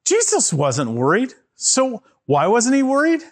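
A man telling a Bible story to children, animated and getting them to act parts out and answer questions. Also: high voice, a little slow, few pauses. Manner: animated, asks kids to join in with actions.

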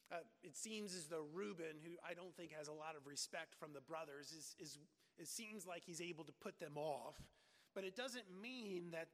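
A man preaching with dramatic emphasis, often repeating words as he presses a point home. His voice sits high for a man. A long reverb hangs after each phrase, as in a large hall. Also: fairly bright tone. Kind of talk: sermon.

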